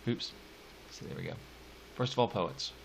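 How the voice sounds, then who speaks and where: A male teacher giving a recorded poetry lecture. He reads verse slowly with drawn-out stresses and drops casual asides between the lines. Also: low-pitched, gravelly, a little hiss or hum.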